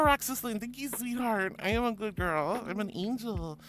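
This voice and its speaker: A woman's voice: fairly high pitch, moderate pace, a bit bright. A woman streaming live, chatting casually with viewers in a bubbly, giggly way, calling them honey and sweetie.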